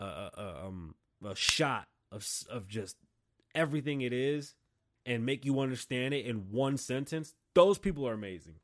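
Hosting his own podcast, a medium-pitched man from Las Vegas, Nevada delivers a blunt monologue laced with profanity. He pushes his opinions hard, and his voice climbs in heated bursts whenever something gets to him.

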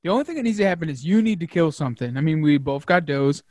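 Excited guy rambling about his hunt, kinda high voice, swears a bunch, dry close sound. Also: quick pace, no echo. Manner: excitable, swears freely, lots of fillers. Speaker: podcast host. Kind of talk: casual hunting chat.

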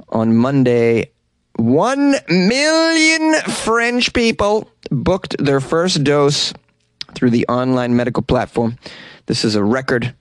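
A man's voice: mid-range voice, big pitch swings, takes it slowly, no room sound. A man hosting a daily comedic news podcast, reading headlines and riffing with wisecracking asides. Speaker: podcast host.

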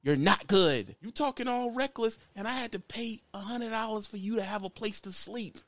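A man's voice: high-pitched, moderate pace, no room sound. A man ranting at another YouTuber in a blunt, mocking call-out, repeating his insults over and over. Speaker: YouTuber calling out another trucker. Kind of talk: heated call-out rant.

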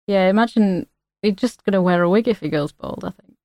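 A woman's voice: medium pitch, fairly quick, a little mellow, dry recording. A tired woman co-hosting a podcast in casual chat, laid-back and a bit sweary. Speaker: podcast co-host.

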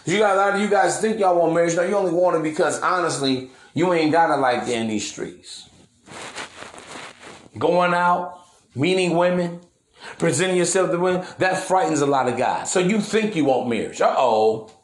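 A man's voice: on the high side, normal speed, echoey room. A man hosting a podcast in a brash, preachy monologue, full of slang and swearing. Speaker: podcast host. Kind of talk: casual monologue.

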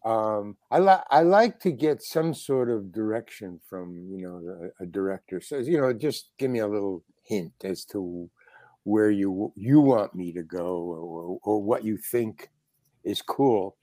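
An older actor telling a story as an interview guest in a halting, rambling way, full of restarts. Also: male voice, fairly low pitch, animated, dark tone, no room sound. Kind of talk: casual storytelling.

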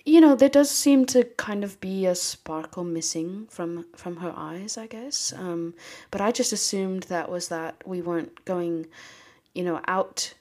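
A woman's voice: fairly low pitch, unhurried, mellow. A flustered father mouse, played by a woman, talks in a put-on British accent. He fumbles, restarts, and confesses in an improvised comedy scene. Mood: wistful. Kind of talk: improvised comedy role-play.

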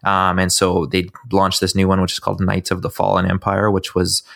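A man's voice: low-pitched, monotone, a little fast, vocal fry, fairly bright tone, dry recording, studio quality. A man co-hosting a gaming podcast, chatty with stumbling restarts. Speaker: podcast co-host. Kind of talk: casual gaming podcast chat.

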